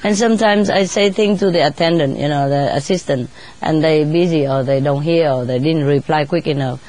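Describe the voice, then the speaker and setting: A woman chatting casually in non-native English, laughing often and sometimes mimicking birds in a squeaky voice. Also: fairly quick, darkish tone. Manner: laughs often between phrases; imitates birds in high squeaky voice. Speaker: bird keeper telling stories. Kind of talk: casual storytelling.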